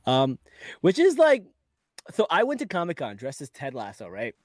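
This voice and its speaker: Male podcast host, higher register, dry close mic; casual, joking, laughs a lot. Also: wildly swooping pitch, moderate pace, no room sound. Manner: laughing, joking, stammers on restarts. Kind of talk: casual chat.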